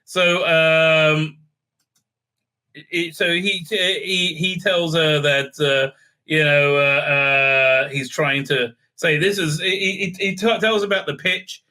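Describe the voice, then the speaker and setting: A man's voice: fairly high pitch, steady tone, slow, pushed and bright. A man hosting a casual episode recap, talking in a rambling, sarcastic way with many fillers and restarts. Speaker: show host reviewing TV episodes.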